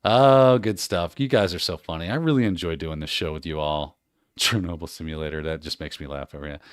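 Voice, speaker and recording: A man's voice: low-pitched, a little fast, clear, resonant tone, no room sound, studio quality. A man hosting a livestream in casual chat, reading out viewer comments, joking and laughing often. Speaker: livestream host.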